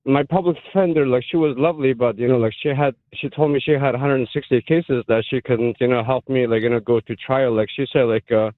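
A man calling in to a radio show, telling his story haltingly with many fillers. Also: mid-range voice, steady tone, no echo. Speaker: caller. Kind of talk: call-in radio chat. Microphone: phone. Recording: tinny phone line.

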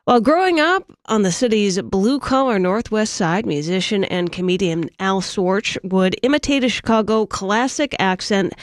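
A woman radio host introducing a news story in a crisp, formal way. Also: mid-range voice, expressive, normal speed, hardly any pauses, no room sound, clean studio sound.

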